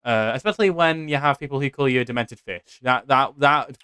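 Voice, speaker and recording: English guy from stoke w a slight lisp, smooth clear voice, rambly podcast host, dry mic. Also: medium pitch, a little fast, pushed and bright, dry recording. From Stoke, England. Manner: rambling, self-deprecating, swears often. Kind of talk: casual chat.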